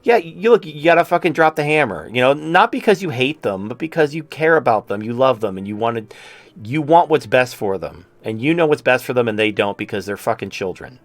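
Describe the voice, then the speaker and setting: A man's voice: mid-range voice, lively intonation, brisk, dry recording. A male talk-show host ranting in a profane, sarcastic way.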